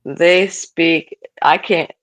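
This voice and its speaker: A man from the United States co-hosting a live chat, rambling with halting starts. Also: a little high, steady tone, a bit bright. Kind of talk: casual chat.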